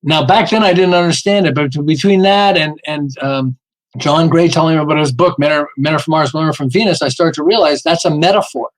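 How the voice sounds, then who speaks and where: In a podcast interview, a male marketing author tells animated stories in a fairly high, slightly quick voice. He speaks emphatically, acts out little dialogues, and often asks "okay?" along the way. The recording is rough.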